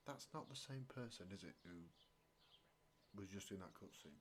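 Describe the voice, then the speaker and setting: A man's voice: low-pitched, animated, moderate pace, a little hiss or hum. A man making dry, wry asides while playing a game. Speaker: gamer. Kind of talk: casual gameplay commentary.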